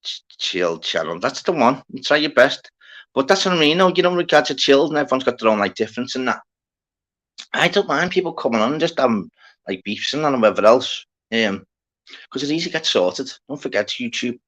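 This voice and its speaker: A man's voice: medium pitch, expressive, brisk, fairly bright tone. A man hosting a livestream, chatting casually and rambling to his viewers, full of slang and swearing as he greets people in the chat. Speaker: livestream host.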